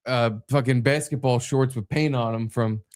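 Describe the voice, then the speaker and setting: Young male co-host, animated, swears a lot, mid-pitched voice, casual chat. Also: normal speed. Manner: animated storyteller, swears freely. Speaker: podcast co-host.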